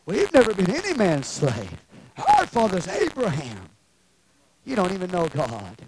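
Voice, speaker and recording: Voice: medium pitch, wildly swooping pitch, unhurried, a little mellow. Indignant, proud religious crowd, slightly distant, voiced by the preacher. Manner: huffy, indignant.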